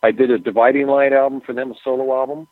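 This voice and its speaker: A man, a musician guest, telling rambling anecdotes in a relaxed, casual interview with plenty of fillers. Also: mid-range voice, fast, no room sound. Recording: tinny phone line.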